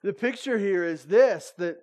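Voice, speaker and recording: Animated preacher man, higher voice. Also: measured pace. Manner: animated, swings between loud emphasis and soft intimate asides. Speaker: pastor. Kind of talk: sermon.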